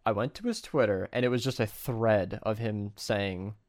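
A man chatting casually as a podcast co-host, rambling and animated, laughing often and swearing. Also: lowish voice, moderate pace. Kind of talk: casual chat.

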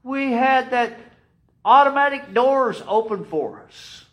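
A man playing a freshly freed man who hushes others and pleads urgently to be heard. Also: extremely high pitch, animated, takes it slowly, pitched above the performer's own voice, exaggerated voice.

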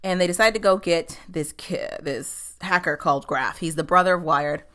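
A woman with a low voice, talking through a TV episode as a casual recap. She is chatty and animated. She swears freely and laughs a lot. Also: moderate pace. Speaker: show recapper.

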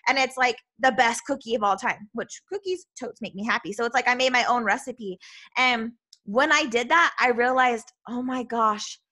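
A self-love coach gives a motivational podcast talk, loud and bubbly, her voice bright and a little high. She's earnest and encouraging all the way through, constantly checking in with listeners with a quick "right?".

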